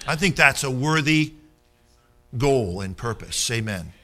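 A man's voice: mid-range voice, lively intonation, unhurried, sharp tone. A man preaching a sermon, telling stories and calling for amens from the congregation. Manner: storytelling, rousing, calls for amens.

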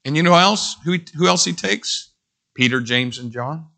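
A middle-aged man preaching a sermon, animated, breaking into whoops and joking asides. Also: fairly high pitch, normal speed, gravelly.

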